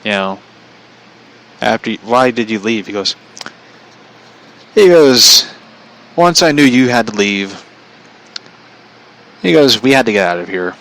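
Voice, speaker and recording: A man's voice: lowish voice, animated, unhurried, long pauses, a bit bright, poor audio. A man casually telling a personal story, chatty, relaying a conversation line by line and laughing often.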